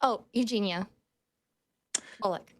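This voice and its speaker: A woman's voice: mid-range voice, slow pace, dry recording, studio quality. A woman playing in a tabletop role-play, talking in a breezy, casual, chatty way. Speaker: player.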